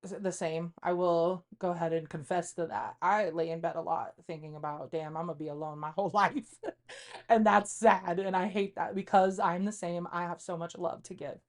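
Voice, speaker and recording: A woman's voice: on the low side, steady tone, normal speed, hardly any pauses, darkish tone. A woman in her thirties co-hosting a podcast, speaking candidly and confessionally in casual chat, rambling with frequent fillers. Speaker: podcast co-host.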